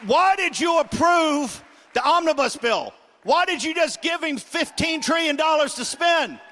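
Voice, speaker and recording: Middle-aged man, political talk host, combative shouting rant, piercing high voice, faint crowd behind. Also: animated, measured pace. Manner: combative, shouting in bursts, mocking impressions.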